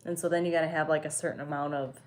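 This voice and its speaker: A woman's voice: low voice, steady tone, rapid-fire, a little hiss or hum. A young woman streaming from home, chatting casually with her viewers, swearing freely and answering their comments. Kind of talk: casual chat.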